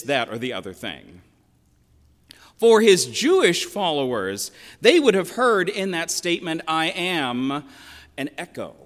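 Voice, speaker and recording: A man's voice: a little high, a bit bright. Reflective older male preacher in a hall. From western Pennsylvania. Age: 60s. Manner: reflective, measured storytelling with emphatic quotations. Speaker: pastor. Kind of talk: sermon. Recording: long reverb of a large hall.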